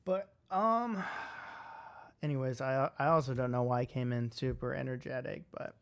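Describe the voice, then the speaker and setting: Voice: mid-range voice, normal speed, gravelly. A livestreamer in casual stream chat at a home setup, rambling with many fillers and poking fun at themselves. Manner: rambling, filler-heavy, self-deprecating. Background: faint music and keyboard typing.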